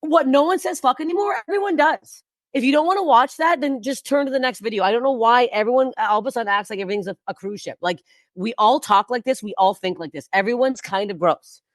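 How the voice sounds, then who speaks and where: A woman's voice: on the high side, fast talker, no echo, clean studio sound. A woman comedian talking bluntly and profanely in a casual podcast chat, rambling with frequent restarts. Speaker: guest comedian.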